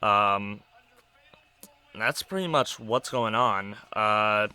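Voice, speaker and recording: A young man hosting a podcast, rambling casually in a monotone with many fillers while sounding stressed. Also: on the low side, extremely slow, clean tone. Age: young adult. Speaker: podcast host. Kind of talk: casual personal rambling over a wrestling match.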